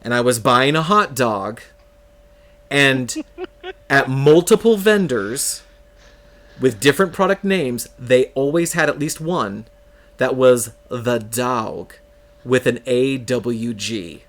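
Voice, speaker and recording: With a mid-range, slightly bright voice, this man from California in the United States talks slowly but animatedly while streaming a game. His casual storytelling rambles, pokes fun at himself, and is full of laughter.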